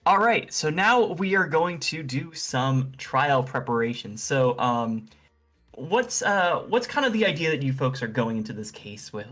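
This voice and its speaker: A man's voice: medium pitch, fairly bright tone. A man hosting an improvised comedy game as game master, enthusiastic and rambling with fillers.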